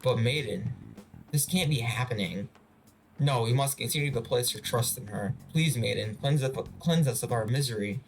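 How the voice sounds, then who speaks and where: A man's voice: medium pitch, normal speed, close to an everyday voice. A devoted male cult follower from a game, desperate and pleading with his leader not to abandon him. A man reads the part in his ordinary mid-range voice, over faint game music. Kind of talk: voiced reading of game dialogue.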